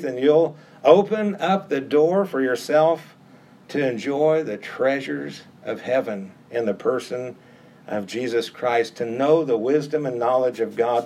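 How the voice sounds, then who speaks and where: A man's voice: medium pitch, darkish tone. A middle-aged man preaching a sermon with an emphatic, repetitive cadence that rises on key phrases.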